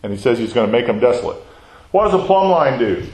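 A fast-talking man with a medium, slightly mellow voice and big pitch swings teaches a Bible study in a roomy space on a rough recording. He reads scripture out loud and explains it in a chatty manner, regularly questioning the class and adding "right?"

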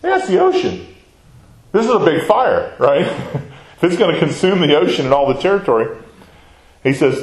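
Very animated and fairly high-pitched, a man moves at a moderate pace through a Bible study class, reading verses aloud before explaining them casually. He keeps asking his listeners questions and tacking on "right?" The audio is poor and reverberant.

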